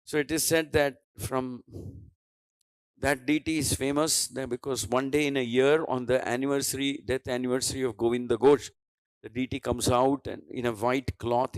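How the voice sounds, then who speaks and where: A man's voice: medium pitch, dry recording, low-quality recording. Indian man storytelling in a dry room. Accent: Indian English. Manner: storytelling, voices the dialogue, many restarts and fillers. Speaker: preacher giving a scripture class. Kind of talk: devotional scripture class.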